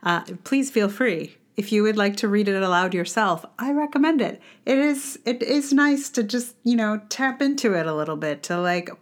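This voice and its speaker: A woman's voice: medium pitch, expressive, normal speed, hardly any pauses. A woman hosting a casual book review monologue, ranting with sarcastic passion and wry asides. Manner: wry, conversational with fillers. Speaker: podcast host reviewing a book.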